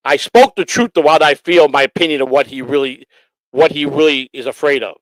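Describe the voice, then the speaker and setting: A man's voice: on the high side, a little fast, no room sound, low-quality recording. Profane, combative man ranting on a livestream. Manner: profane, combative, shouting at critics. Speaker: livestream host. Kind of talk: angry livestream rant.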